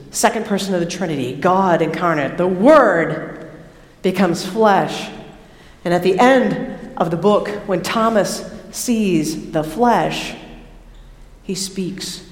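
A woman preacher giving an animated sermon, moving between hushed and excited. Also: fairly low pitch. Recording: echoey hall reverb.

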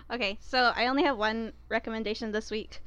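A woman's voice: on the high side, steady tone, fairly quick, a bit bright, clear, resonant tone, no room sound, poor audio. A woman co-hosting a podcast, talking through a recommendation in an enthusiastic, chatty way. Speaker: podcast co-host. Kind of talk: casual recommendation chat.

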